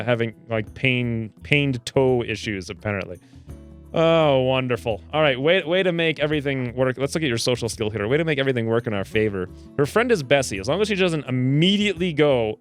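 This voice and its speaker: Upbeat male gaming host, swinging pitch, joking running commentary. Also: moderate pace, faint music behind. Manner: animated, jokey, puts on squeaky character voices. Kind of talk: let's play commentary.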